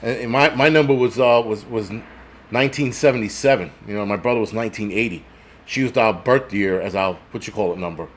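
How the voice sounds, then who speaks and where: A man's voice: on the low side, a little fast. A man in his forties hosting a casual livestream, ranting bluntly and profanely and reading out viewer comments. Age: 40s. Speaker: host.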